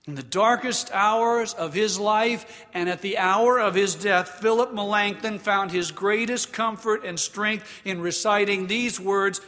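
A male pastor preaching in a slow, deliberate, emphatic way, with a high, bright voice. His words ring out with the long reverb of a large hall, and he has the congregation repeat lines after him. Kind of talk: sermon.

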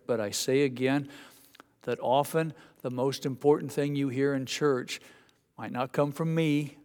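A man's voice: medium pitch, big-room sound. A male pastor preaching a sermon in a conversational, folksy way, often restarting his sentences. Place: church sanctuary.

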